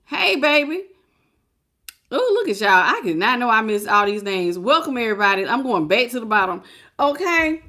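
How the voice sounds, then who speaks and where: A woman's voice: on the high side, big pitch swings, normal speed, pushed and bright. A woman giving a live tarot reading, talking casually with her viewers, greeting them by name and laughing often. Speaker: tarot reader.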